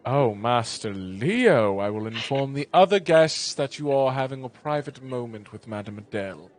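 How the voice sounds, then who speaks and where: Guy doing a super polite slow butler, sing-songy and oily. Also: mid-range voice, expressive, a little hiss or hum, natural voice. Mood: unctuous. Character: fawning male butler, overly polite.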